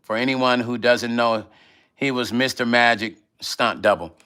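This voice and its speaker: A man's voice: mid-range voice, fairly even intonation, a little slow, sharp tone, smooth. A middle-aged man hosting a casual livestream, reading out viewer comments and talking loosely, often repeating himself, while eating. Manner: loose, conversational, repeats himself when emotional. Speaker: livestream vlog host.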